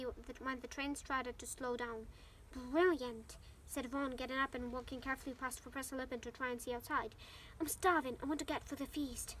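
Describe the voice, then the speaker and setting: A woman's voice: high voice, fairly bright tone, slight background noise. A woman with Ukrainian as her first language reading a novel aloud in English, with occasional slips and restarts. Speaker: storybook reader.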